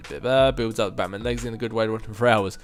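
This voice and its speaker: A man's voice: lowish voice, steady tone, very fast, soft background music. A man in his twenties answering viewer questions in a casual chat, rambling, self-mocking and chuckling often. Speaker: gaming video host answering viewer questions.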